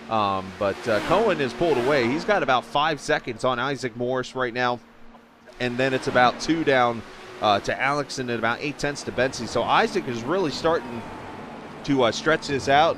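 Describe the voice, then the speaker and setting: A man's voice: medium pitch, background noise. A man calling a sim racing broadcast as play-by-play commentator, chatty and joking, with plenty of ums and uhs. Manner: chatty, filler-heavy, joking.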